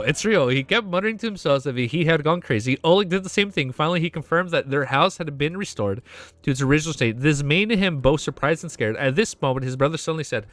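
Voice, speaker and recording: Man, fairly high voice, reading a web novel aloud, excitable reactions, soft music underneath. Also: no room sound. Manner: reads narration, breaks off into emotional reactions and swearing.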